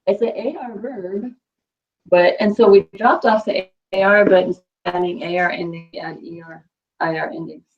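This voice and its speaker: A woman's voice: mid-range voice, steady tone, moderate pace, muffled recording. A woman teaching a Spanish class, patiently quizzing students and repeating their answers.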